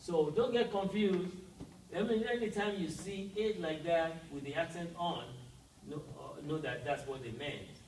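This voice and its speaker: A man's voice: a little high, moderate pace, a little mellow, echoey room, distant mic, a little hiss or hum, poor audio. A man teaching a language class, explaining step by step and often checking with "right?". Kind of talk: classroom lesson.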